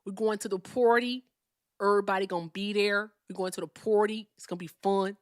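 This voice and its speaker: A woman putting on an excited young partygoer with a Compton accent, in an upbeat caricature. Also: mid-range voice, a little fast, dry recording, studio quality, close to an everyday voice. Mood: hyped.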